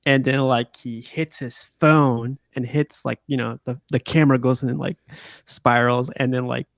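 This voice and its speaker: A man's voice: mid-range voice, fairly even intonation, normal speed, vocal fry, a bit bright, no room sound, studio quality. A man hosting a casual group chat, rambling with many fillers and laughing often. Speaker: podcast host.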